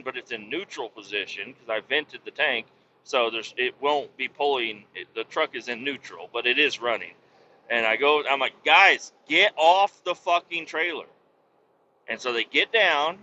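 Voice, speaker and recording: A man's voice: on the high side, pushed and bright. A man telling a story in a rambling, profane, exasperated way, as host of a casual podcast. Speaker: podcast host and vac truck operator. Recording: dull lo-fi sound with faint noise.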